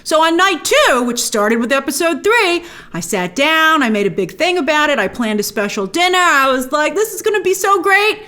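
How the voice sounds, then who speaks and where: A woman hosting a casual, opinionated TV review, chatty and animated, acting out quick asides. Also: high-pitched. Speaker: host reviewing a TV series.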